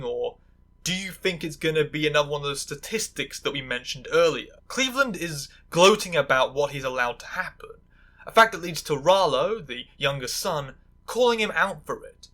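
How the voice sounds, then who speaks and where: A woman's voice: low-pitched, fairly bright tone. A woman giving sarcastic video essay commentary, full of stammering restarts and angry asides.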